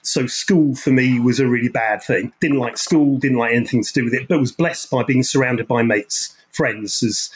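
Late-50s London bloke, husky, rambles and corrects himself, video-call guest. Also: male voice, medium pitch, normal speed, hardly any pauses, low-quality recording. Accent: London English. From London, England. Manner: rambling, self-correcting storyteller. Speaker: podcast guest. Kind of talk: casual interview conversation.

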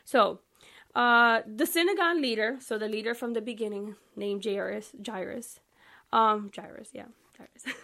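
A woman's voice: on the high side, normal speed. A young woman hosting a podcast, reading the Bible aloud and commenting on it in a casual, emphatic, chatty way, talking straight to her listeners. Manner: animated, emphatic and chatty, addressing listeners directly. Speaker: podcast host.

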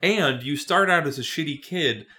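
A man's voice: fairly high pitch, lively intonation, moderate pace, bright, forceful tone. A man co-hosting a podcast in casual comedic chat, wry and swearing freely as he riffs on the book. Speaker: podcast co-host.

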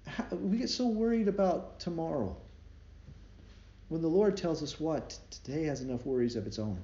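A man with a fairly high, mellow voice delivers a conversational devotion sermon at a moderate pace with lively intonation. He preaches through stories and laughs along the way, captured in a roomy, slightly dull recording with faint ambience.

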